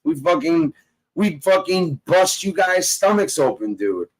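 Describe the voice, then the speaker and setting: A man talking in loud, swaggering, profane casual banter, laughing often and cursing constantly. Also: a little high, very animated, measured pace, rough recording. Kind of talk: profane casual banter on a live audio chat.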